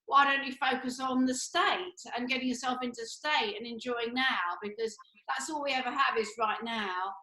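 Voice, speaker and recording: A woman's voice: a little high, moderate pace, bright, forceful tone. A woman co-hosting a casual chat, talking in a breezy, upbeat way with lots of fillers. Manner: breezy, upbeat, full of fillers and bursts of laughter. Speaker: co-host. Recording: echoey room.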